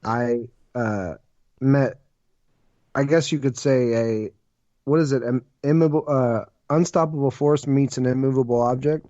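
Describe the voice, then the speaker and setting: A man's voice: medium pitch, measured pace, dark tone, dry recording. A man co-hosting a podcast, telling a story casually and laughing as he goes. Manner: laughs through his story, plain talk. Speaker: podcast co-host. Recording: dry, dull lo-fi sound.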